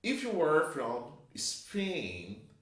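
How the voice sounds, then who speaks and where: A man's voice: on the high side, wildly swooping pitch, very slow. A man teaching English grammar, explaining patiently and drawing out each example sentence. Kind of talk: slow, clear classroom explanation. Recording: echoey room.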